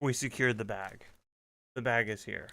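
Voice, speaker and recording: A man's voice: lowish voice, moderate pace, gravelly, bright, forceful tone. A young man streaming games at home into a desk microphone, chatting casually and swearing often. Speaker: gaming streamer. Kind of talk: casual gameplay chat.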